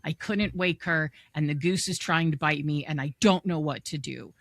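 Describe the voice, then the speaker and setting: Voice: mid-range voice, normal speed, vocal fry, fairly bright tone. A game master voicing a panicked male villager who talks in a frantic rush and keeps repeating himself. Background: faint music.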